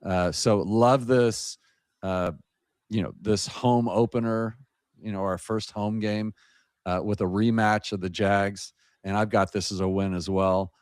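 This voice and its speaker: A man with a joking, lively storytelling manner, chatting casually as a guest on a podcast over a video call. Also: on the low side, measured pace, clear, resonant tone, no room sound, clean studio sound.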